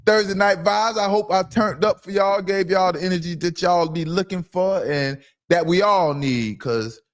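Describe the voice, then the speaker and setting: Brash, loud-talking man on a podcast. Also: high voice, steady tone, moderate pace. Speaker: podcast host. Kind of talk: casual sports talk livestream. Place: at home.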